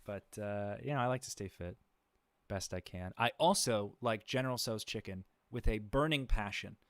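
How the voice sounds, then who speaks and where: A man's voice: on the low side, normal speed, fairly bright tone, no echo. A man hosting a livestream, chatting casually with many fillers and restarts, chuckling now and then. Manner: laid-back, chuckles often. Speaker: livestream host.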